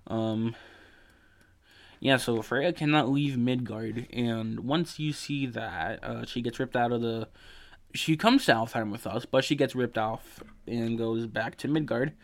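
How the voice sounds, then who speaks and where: A man's voice: medium pitch, a little slow. Sleepy man rambling through a game recap. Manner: rambling, swearing, many fillers and restarts. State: sleepy, yawning. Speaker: podcast host. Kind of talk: casual video game story recap.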